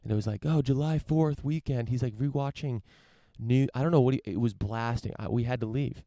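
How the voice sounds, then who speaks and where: A man's voice: mid-range voice, steady tone, a little fast, dark tone, no echo. A young man hosting his own podcast from his parents' home, talking in a loose, rambling, profane way with lots of fillers and restarts. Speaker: podcast host. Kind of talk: casual solo podcast monologue. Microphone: camera setup for a live stream.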